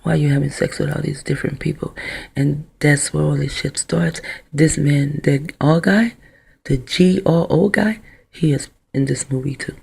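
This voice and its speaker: A woman's voice: sits low, fairly even intonation, normal speed, vocal fry, darkish tone, husky. A woman talking into her own camera in a rambling, profane vlog monologue that drifts from one idea to the next. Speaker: vlogger.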